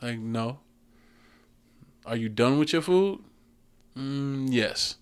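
A man's voice: mid-range voice, slow pace, clear, resonant tone. A man in his thirties telling a story in casual podcast chat, acting out the voices and laughing often. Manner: animated storytelling, acts out voices and laughs a lot. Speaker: podcast co-host.

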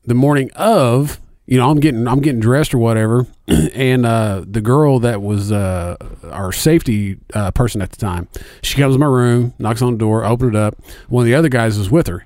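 A man's voice: mid-range voice, animated, moderate pace, a little mellow, no echo, clean studio sound. Rambling, profane middle-aged man. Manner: rambling storyteller, heavy swearing, many fillers. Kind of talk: casual chat.

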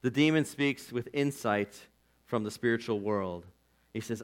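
A man preaching a sermon as pastor, earnest and conversational, swinging from loud declarations to hushed asides. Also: medium pitch, measured pace. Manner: earnest and conversational, with "like" and "you know".

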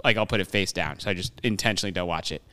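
Bright, smooth-voiced man ranting casually. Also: sits low, very fast, no room sound. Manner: swears a lot, laughs often, animated ranting. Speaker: podcast co-host. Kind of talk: casual movie review chat.

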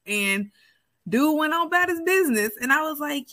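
A woman co-hosts a podcast in a high-sitting voice at normal speed, with no echo. She tells stories animatedly in casual chat and laughs often.

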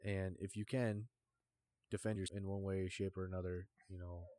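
A man's voice: low-pitched, little pitch movement, moderate pace, warm tone, dry recording, clean studio sound. A man hosting a casual podcast who talks bluntly, swears freely and leans on fillers. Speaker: podcast host.

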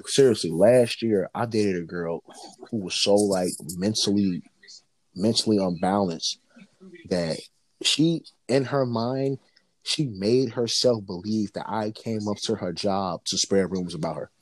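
A man in casual chat, telling profane, animated stories as a co-host. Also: lowish voice, measured pace. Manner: animated, profane, lively storyteller.

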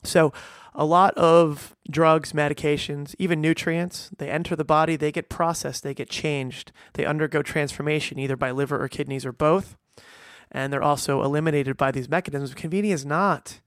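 With a fairly high pitch, even intonation and moderate pace, a middle-aged vet and podcast host delivers a casual, earnest monologue, leaning on restarts and fillers for emphasis. Studio quality, no room sound.

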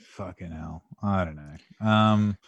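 A man's voice: sits low, slow, no echo, highs cut off. A man, laid-back, swearing freely in a casual chat over a video call. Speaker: podcast co-host.

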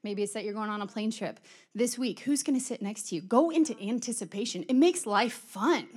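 A woman's voice: on the high side, expressive, fairly quick, a little mellow, slightly rough. Chatty woman giving a sermon. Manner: chatty, conversational, with laughs and acted-out quotes. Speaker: church speaker.

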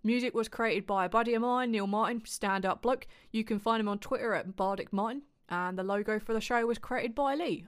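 A woman hosting a podcast, reading the outro in a casual, playful, chatty way with quick asides. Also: a little high, clear, resonant tone. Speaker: podcast host.

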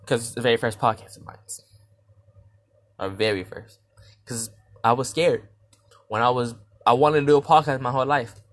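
On his first podcast, a young man recounts a dream in a loose, rambling style full of slang and false starts, with long pauses at a normal pace. He acts out his own reactions animatedly, lurching from loud, high-pitched shouts down to quiet mutters.

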